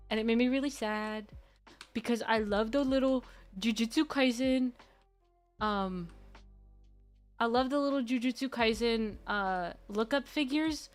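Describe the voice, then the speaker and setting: A woman streamer chatting casually, gushing and rambling excitably. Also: high voice. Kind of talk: casual live-stream chat. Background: faint background music.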